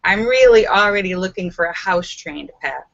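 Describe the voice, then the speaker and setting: A woman's voice: expressive, normal speed, gravelly, muffled recording. A woman hosting a casual live stream, reading viewer comments aloud and chatting playfully with plenty of laughter. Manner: playful, laughs often, acts out stories with squeaky voices. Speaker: livestream host. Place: home in Los Angeles.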